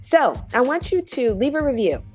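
A woman's voice: high-pitched, sing-song, normal speed, soft background music. A woman hosting a podcast, giving an emphatic motivational monologue and calling her listeners y'all. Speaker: podcast host.

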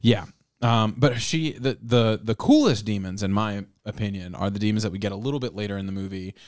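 A man's voice: fairly low pitch, brisk, a little mellow, no room sound, studio quality. A man hosting a casual movie-review chat who laughs often, swears freely and rambles.

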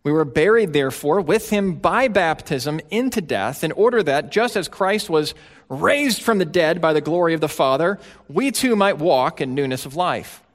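A man preaching a sermon as pastor, emphatic, swinging between quiet, low passages and loud, urgent ones. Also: expressive, normal speed.

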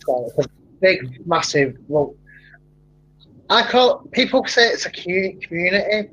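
A man's voice: high voice, very animated, a little slow, pauses often, a bit bright. A man chatting casually on a podcast, rambling and telling stories with animation. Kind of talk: casual chat. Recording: dull lo-fi sound.

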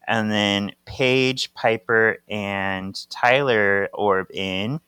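A man's voice: on the low side, steady tone, drawn-out words, hardly any pauses, pushed and bright, smooth, dry recording. A man co-hosting a podcast, recapping a comic book panel by panel and briefly voicing the characters' lines. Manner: narrates panels and voices characters in brief quotes. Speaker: podcast co-host. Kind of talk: casual chat, reading a comic aloud.

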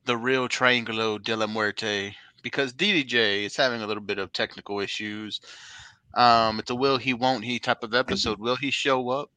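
A man's voice: medium pitch, fairly even intonation, moderate pace, sharp tone, clean tone, no echo, low-quality recording. A man hosting a casual podcast, who banters, teases his co-hosts and laughs often. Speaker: podcast host.

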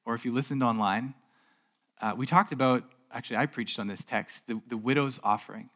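A man's voice: medium pitch, a little fast, a bit bright. A male pastor delivers a sermon from a church stage in a middle-range voice. He talks loosely and conversationally, often restarting or repeating a word. He keeps drawing in the congregation with rhetorical questions.

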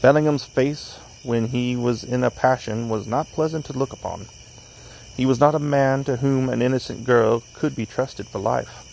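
A man reading a classic story aloud at an unhurried pace, outdoors in a cemetery at night, correcting small slips as he goes. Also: medium pitch, creaky, a little mellow, a little hiss or hum, poor audio. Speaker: narrator.

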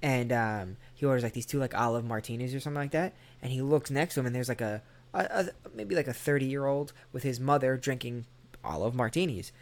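A man tells a meandering, profanity-laced story in relaxed conversation. He talks at an ordinary middle pitch and jumps into little voices for the people he quotes. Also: brisk. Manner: rambling, profane, animated storyteller who acts out quotes. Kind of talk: casual storytelling chat.

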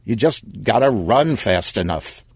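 A man's voice: lowish voice, lively intonation, a little slow, vocal fry, slightly rough, no room sound, heavily acted. A man voicing a laid-back young gamer in an audio story, casual and offhand.

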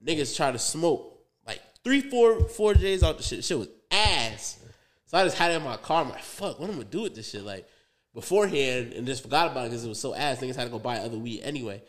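A man's voice: medium pitch, lively intonation, fast talker. A young man on a podcast, telling a rambling story in loose, profane slang with lots of fillers and asides. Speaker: podcast co-host. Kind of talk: casual storytelling.

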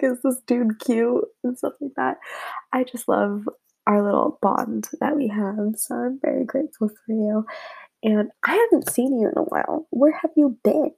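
A young woman rambling through a casual, emotional message to her friends, often dropping her voice low. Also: creaky, darkish tone, slightly rough, rough recording. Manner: rambling, emotional, drops to a whisper at times.

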